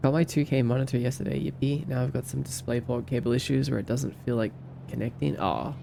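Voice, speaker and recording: Speaking fast in a steady, dark-toned, mid-pitched voice with vocal fry, this young Australian man runs a laid-back livestream. He reads out chat messages and replies in an easygoing, joking manner. A slight hiss or hum sits under the recording.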